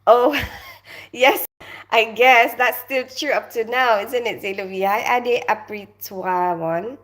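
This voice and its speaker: A woman's voice: a little high, slow, a bit bright. Chatty woman live-streaming from home. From Philippines. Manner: chatty, laughs often, answers viewers by name. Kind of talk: casual live-stream chat reading comments. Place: home in North London.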